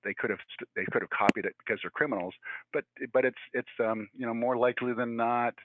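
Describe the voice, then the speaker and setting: Fast-talking man on tinny call audio. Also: mid-range voice, steady tone, noisy background. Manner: fast, conversational with many fillers and restarts. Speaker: guest speaker. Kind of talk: virtual presentation. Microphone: video call. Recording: tinny phone-like audio, dry.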